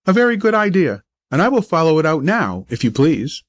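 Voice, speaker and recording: A man's voice: a little high, big pitch swings, brisk, no echo, voice pushed up. A man voicing a proud, middle-aged father who speaks in formal, old-fashioned phrases in a storybook reading. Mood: pleased.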